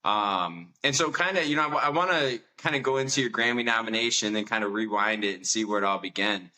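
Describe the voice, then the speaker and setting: A male interview host with a lowish voice and a bright, forceful edge. He affirms his guest and asks long, rambling questions. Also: brisk, rough recording. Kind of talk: interview conversation.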